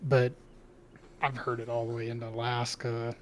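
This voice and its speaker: A man's voice: mid-range voice, level tone, normal speed, slight background noise. A man in voice chat during a game, telling stories in an easygoing way. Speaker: fellow player in voice chat. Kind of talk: casual chat.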